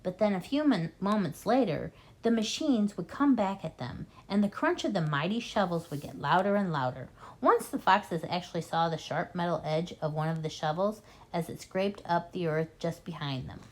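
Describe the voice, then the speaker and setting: Expressive woman reading a storybook. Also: lowish voice, moderate pace, hardly any pauses. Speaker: reading tutor. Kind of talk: children's audiobook reading.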